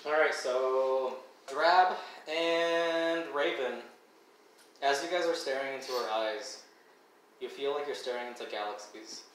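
A man runs a tabletop game for his friends and narrates in a loose, halting way, stopping often to search for words. He sits back from the mic in a strongly echoing room. A faint hiss sits under his voice. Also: mid-range voice, a bit bright. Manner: halting, full of fillers and restarts. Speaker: dungeon master. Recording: echoey room mic from a distance.

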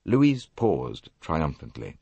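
A man narrating an audiobook in an expressive, animated reading. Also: very deep voice, takes it slowly, creaky, breathy edge, dry recording. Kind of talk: scripted narration.

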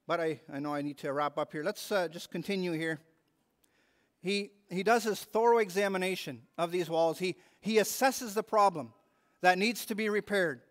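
A man's voice: high-pitched, moderate pace, long reverb tail. A man preaching a sermon as pastor, earnest and repeating words as he stresses his points. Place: church hall.

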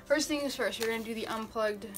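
A young woman vlogging as she unboxes gifts, chatty and gushing with excitement. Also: a little high, fast talker. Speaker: book vlogger. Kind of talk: casual unboxing vlog.

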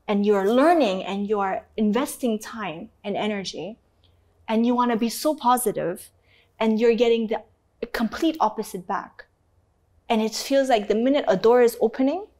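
A woman from Canada tells an interviewer a painful story from her past, her voice sitting a little high. She speaks with open emotion and swears casually. She acts out the voices of the people in her story. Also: darkish tone. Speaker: interview guest.

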